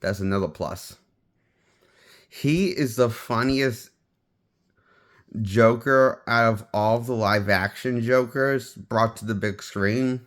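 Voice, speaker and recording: A man's voice: medium pitch, slow pace, long pauses. A man giving a casual spoken movie review, rambling and often restarting his sentences as he shares offhand opinions. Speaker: film reviewer.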